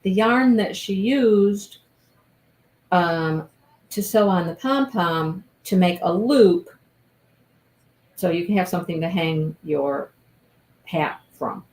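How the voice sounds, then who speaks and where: A woman's voice: fairly low pitch, slow, long pauses, darkish tone, low-quality recording. A woman hosting a casual crochet-along livestream, gushing over her work and thinking aloud as she follows along.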